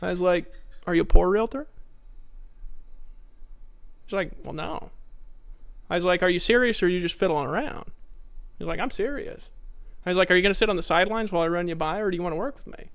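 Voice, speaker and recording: A man's voice: high voice, rapid-fire, fairly bright tone. A man giving a sales training talk with lots of energy, acting out his old phone calls. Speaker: network marketing trainer.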